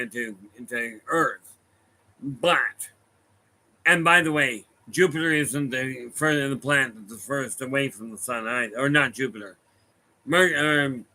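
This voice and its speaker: Bright-voiced man telling rambling stories. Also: mid-range voice, rough recording. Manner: rambling, anecdotal, self-correcting. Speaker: medium giving a talk. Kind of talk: casual storytelling talk to a room and online viewers. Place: room with a live audience.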